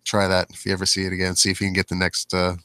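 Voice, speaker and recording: A man in a casual comedy chat, reacting quickly and laughing a lot. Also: sits low, completely flat delivery, sharp tone, no room sound. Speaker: guest comedian.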